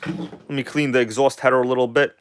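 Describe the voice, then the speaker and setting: Man, livestream host, chatty, showman tone then mumbled asides, mid-pitched, dry close sound. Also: level tone, fairly quick, dry recording. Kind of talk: casual livestream chat while working on a model engine.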